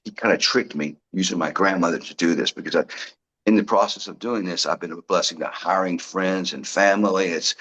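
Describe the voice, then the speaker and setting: A man, a guest in an interview, telling his story in a lively way and acting out what people said. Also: low voice, a little fast, breathy edge. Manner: lively storyteller who acts out quoted dialogue. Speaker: guest, product founder.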